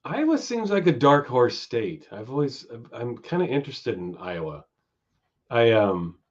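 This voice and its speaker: A man hosting a loose, profane live stream, riffing with his chat and drifting from topic to topic. His voice swings widely up and down as he talks. The audio is dull and lo-fi, like a home stream. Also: on the low side. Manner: chatty, swears freely, goes off on tangents. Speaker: stream host.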